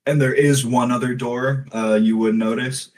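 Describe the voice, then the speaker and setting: A man narrating as game master in a relaxed online tabletop session. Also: mid-range voice, moderate pace.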